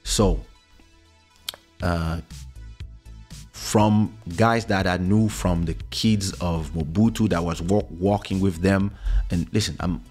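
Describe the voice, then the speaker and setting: A man with a fairly low voice tells a story in a loose, casual way on a close studio podcast mic. He gets animated and acts out other people's words, jumping up in pitch for them. Soft music plays faintly underneath. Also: takes it slowly, long pauses. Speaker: podcast host.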